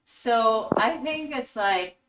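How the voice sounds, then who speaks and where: A woman hosting a spiritual teaching talk in a fairly high voice, animated and acting out little scenes as she explains. Her voice sounds set back from the mic in a roomy, echoey space. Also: slow pace, a little hiss or hum. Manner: animated storytelling with acted-out quotes. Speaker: host. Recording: echoey room, voice from a distance.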